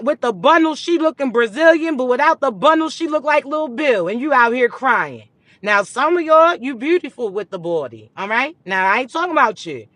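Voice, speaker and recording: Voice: medium pitch, sharp tone, dry recording. A host of a spiritual reading channel delivering a profane, comedic rant to viewers, blunt and scolding, with teasing, mock-dramatic asides. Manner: blunt, scolding, heavy cursing.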